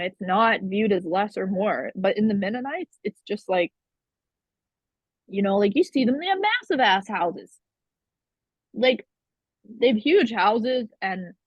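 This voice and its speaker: Blunt young woman from Canada, breathy, dry and slightly muffled, rambles and swears. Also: mid-range voice, dry recording. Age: 20s. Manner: rambling, frank, swears freely. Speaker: guest. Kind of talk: candid conversational interview.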